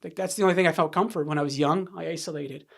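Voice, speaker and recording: A man's voice: a little high, fairly even intonation, rapid-fire, gravelly. A man as a podcast guest, telling his own story candidly, rambling with restarts and tag questions, sometimes dropping to a near-whisper. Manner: rambling, frequent "right?" and restarts, drops to near-whisper when reliving moments. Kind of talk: candid personal storytelling in conversation.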